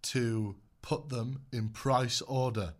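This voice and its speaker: A man hosting a casual podcast chat in a jokey, deadpan way. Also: mid-range voice, takes it slowly. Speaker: podcast host.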